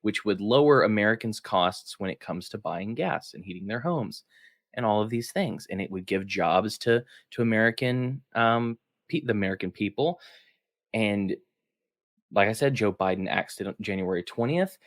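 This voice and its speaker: Podcast co-host, man, lowish voice, upbeat casual chat, dry close mic. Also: moderate pace, no room sound. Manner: upbeat, laughs often, reads headlines aloud.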